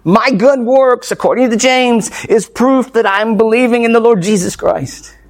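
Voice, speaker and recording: A male pastor preaching an expository sermon, emphatic and punchy, firing off rhetorical questions and tossing in playful asides. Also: high-pitched. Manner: playful asides with light laughs.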